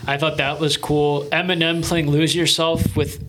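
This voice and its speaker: A young man co-hosting a casual podcast, his voice sitting a touch high. He talks with easy enthusiasm, circling back and restarting his sentences as he goes. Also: level tone, normal speed, a bit bright, slight background noise. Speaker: podcast co-host. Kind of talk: casual chat.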